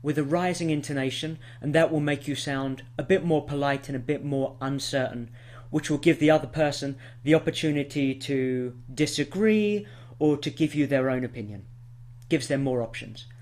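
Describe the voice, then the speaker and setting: English guy teaching an english lesson, slightly higher voice, acts out example sentences clearly. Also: moderate pace, a little mellow. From England.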